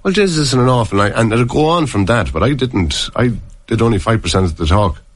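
A man's voice: mid-range voice, lively intonation, a little fast, breathy edge, no room sound. An Irish man and former player, chatting casually and telling long, rambling stories full of restarts. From Ireland. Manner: rambling storyteller, many restarts. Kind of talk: casual chat.

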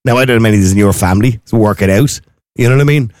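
A man's voice: fairly low pitch, very fast, no echo. An Irish man hosting a talk radio show, opinionated and telling stories in a chatty way into a studio mic. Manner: opinionated, storytelling, animated.

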